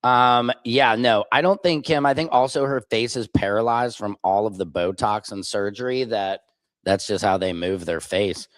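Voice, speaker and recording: Male stream host, low voice, blunt opinionated reaction commentary, dry mic. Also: moderate pace, dry recording.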